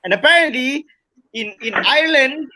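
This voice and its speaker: A man's voice: extremely high pitch, expressive, moderate pace, pushed and bright, no echo. A man hosting a casual panel talk over a video call, hesitant and repeating words. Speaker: podcast host.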